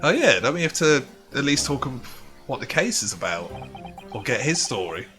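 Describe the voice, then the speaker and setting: A man's voice: medium pitch, big pitch swings, moderate pace, pushed and bright. An Irish man streaming a game, making casual, dry joking asides while reading, with game music behind. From Ireland. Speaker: let's-play streamer.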